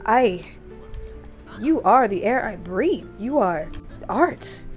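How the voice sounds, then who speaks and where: A woman gives voice to a young French newlywed in a life-sim game, gushing with flowery compliments and tripping over polite little hesitations. The voice sits in a middle register, warm in intent but awkward. Soft game music plays faintly behind. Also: mid-range voice, lively intonation, slow. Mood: smitten.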